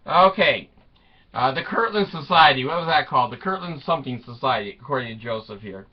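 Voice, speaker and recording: A man's voice: mid-range voice, animated, brisk, slightly rough. A man telling a crude, irreverent comic story, giggling often as he goes. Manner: giggles constantly, crude jokes. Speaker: comedic storyteller. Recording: dull lo-fi sound.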